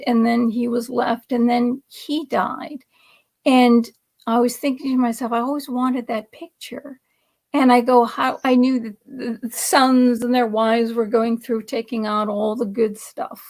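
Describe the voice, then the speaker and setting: A woman on a video call telling a long family story in a chatty, animated way, laughing at her own jokes. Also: on the high side. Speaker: livestream guest. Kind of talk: casual storytelling.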